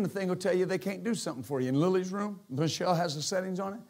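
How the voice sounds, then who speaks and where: A pastor preaching a lively sermon. His voice sits a little high for a man and jumps between quiet asides and loud bursts. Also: fast. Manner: animated, joking, swings from quiet to shouting.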